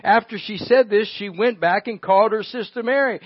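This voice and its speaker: High-voiced preacher, dynamic. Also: male voice, moderate pace, dry recording. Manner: dynamic, swinging from hushed to loud, with chuckles. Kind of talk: sermon. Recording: dull lo-fi recording.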